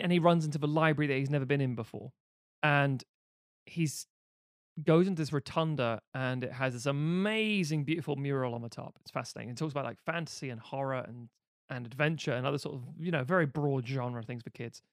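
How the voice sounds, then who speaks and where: A man in his late thirties talks through a casual chat in a loose, rambling way, swearing often and poking fun at himself. His voice sits at an ordinary middle pitch. The recording is dry and close, with no room sound. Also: fairly quick, no echo. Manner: rambling and profane, with self-deprecating jokes. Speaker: podcast co-host.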